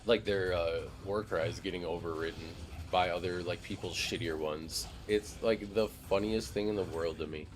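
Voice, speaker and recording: Low-voiced man rambling on a game stream. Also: steady tone, moderate pace, few pauses, a little hiss or hum. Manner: rambling, loose, heavy on "like" fillers and swearing. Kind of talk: casual live-stream chat while gaming.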